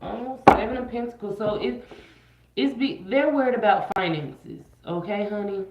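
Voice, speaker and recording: A woman's voice: medium pitch, normal speed, a little mellow, slight background noise. A woman giving a casual livestream tarot reading, chatty and slangy, repeating her phrases and sometimes half-singing. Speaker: tarot reader. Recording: echoey room, muffled lo-fi sound.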